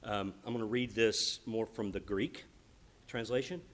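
A man preaching a sermon as pastor, earnest and emphatic, moving between quiet reflection and loud, stressed declarations. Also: fairly low pitch, steady tone, measured pace.

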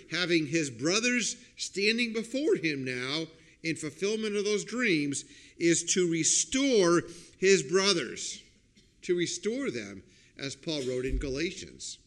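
A man preaching a sermon as a pastor, explaining a passage and checking in with listeners with "okay?" and "right?", and breaking into loud acted-out quotes. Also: fairly high pitch. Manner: acts out quoted lines with sudden loud outbursts.

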